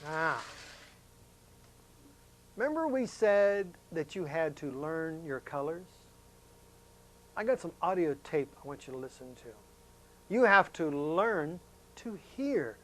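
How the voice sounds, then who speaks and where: A man's voice: a little high, sing-song, takes it slowly, long pauses. Folksy man teaching a science lesson. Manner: folksy, chatty, asks questions of students. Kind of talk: classroom lesson demonstration.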